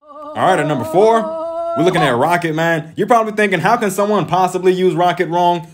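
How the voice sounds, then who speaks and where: A man's voice: high voice, a little fast, noisy background. A man giving casual game tips as a voice-over, talking with constant "man" fillers in an exasperated, lecturing way. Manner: animated, frequent "man", lecturing. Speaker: gaming YouTuber.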